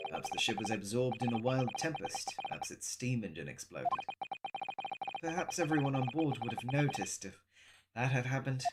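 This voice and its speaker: A woman's voice: rumbling low, heavy background noise. A woman putting on a pompous British detective.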